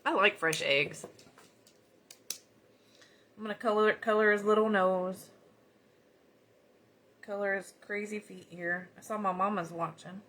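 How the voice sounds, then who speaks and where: A woman's voice: mid-range voice, steady tone, unhurried, long pauses, fairly bright tone. A woman with a Southern US accent, chatting in a folksy way as she demonstrates card-making live. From United States. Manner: chatty, folksy, talks while working. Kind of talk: casual live crafting chat.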